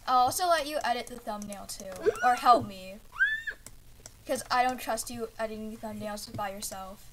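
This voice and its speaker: A woman's voice: fairly high pitch, moderate pace, noisy background. A woman hosting a casual gaming video, coaching a friend with teasing, giggly remarks. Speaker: gaming channel host.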